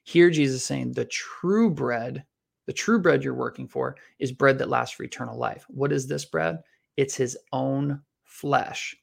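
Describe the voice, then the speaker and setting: A man teaching a Bible study, earnestly explaining a passage and reading scripture aloud slowly, with frequent shifts in pace. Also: medium pitch, vocal fry.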